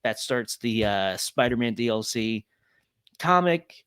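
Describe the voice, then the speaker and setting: A man's voice: mid-range voice, expressive, a little slow, fairly bright tone, clear, resonant tone, dry recording, studio quality. A young man on a podcast, talking casually and rambling with many fillers. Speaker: podcast guest.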